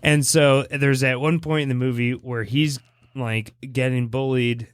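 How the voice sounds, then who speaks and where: A man's voice: mid-range voice, a little slow, clear, resonant tone, dry recording, clean studio sound. A man co-hosting a podcast, casually retelling movie scenes with lots of laughter. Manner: animated storyteller, laughs often. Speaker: podcast co-host.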